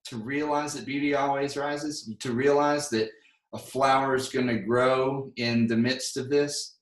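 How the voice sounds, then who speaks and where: A man telling his own story in an earnest, soft-spoken, reflective way. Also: medium pitch, fairly even intonation, measured pace, reverberant, distant mic, low-quality recording. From United States. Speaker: recording artist. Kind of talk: candid personal story, then worship song.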